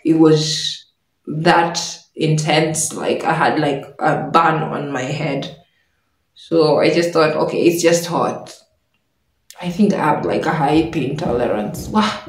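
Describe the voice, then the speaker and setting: Animated woman telling a story in an echoey room. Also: low-pitched, distant mic. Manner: animated, laughs often while telling the story. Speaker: vlogger. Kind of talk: personal storytelling.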